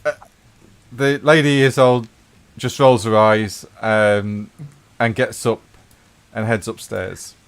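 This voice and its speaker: A man running a tabletop game as game master, talking through scenes in an easygoing, descriptive way. His voice sits fairly low. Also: steady tone, takes it slowly, long pauses, smooth. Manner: descriptive, easygoing narration with fillers.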